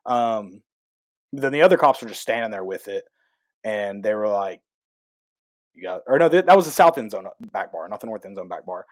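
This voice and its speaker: A man, co-hosting a casual talk show, telling a rambling, excitable story and correcting himself as he goes. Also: lowish voice, moderate pace, long pauses, dry recording. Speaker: podcast co-host.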